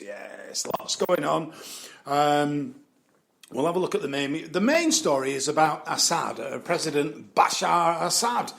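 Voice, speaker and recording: A man with a gravelly, creaky voice, pitched a little above the usual male range, riffing through a casual commentary. He swears without pause, laughs at his own asides and loses his thread in a string of ums. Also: animated, a bit bright. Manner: swears freely, chuckles, trails off with fillers. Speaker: vlogger.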